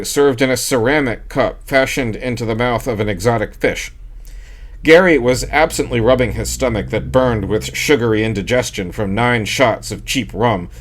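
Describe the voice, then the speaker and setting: A man narrating a short story in a dry, steady storytelling manner. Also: medium pitch. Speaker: audiobook narrator. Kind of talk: scripted narration.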